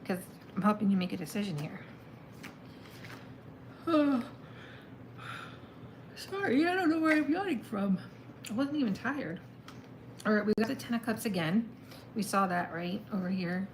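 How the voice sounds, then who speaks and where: A woman's voice: medium pitch, animated, unhurried, long pauses, slight background noise, low-quality recording. Chatty woman doing a tarot reading. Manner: chatty, thinks aloud, exclaims at the cards. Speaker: tarot reader. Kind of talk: casual live tarot reading.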